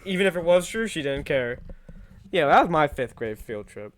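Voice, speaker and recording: A man with a somewhat higher voice rambles through a story on a casual podcast. He swears freely, laughs mid-sentence and restarts his thoughts often. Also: sing-song, moderate pace. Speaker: podcast co-host. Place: indoor podcast setup.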